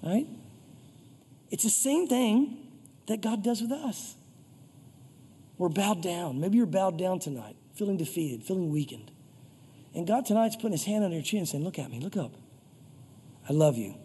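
A high-pitched, husky man preaches an informal sermon with a mellow tone. He slips into quoted voices for prayers and scripture. His voice rings out with the long reverb of a hall. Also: animated, measured pace, pauses often. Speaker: pastor. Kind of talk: conversational sermon.

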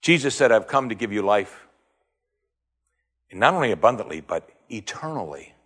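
A man preaching a sermon, firing rhetorical questions, rising to emphatic high points and dropping low again. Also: sing-song, normal speed, fairly bright tone, husky.

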